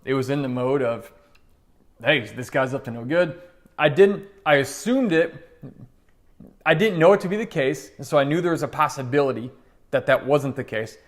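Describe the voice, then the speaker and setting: A man's voice: on the high side, normal speed. A middle-aged man telling a personal story in an earnest, conversational way, acting out the voices in it. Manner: conversational, earnest, animated retelling with quoted voices. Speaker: motivational speaker. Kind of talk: storytelling monologue.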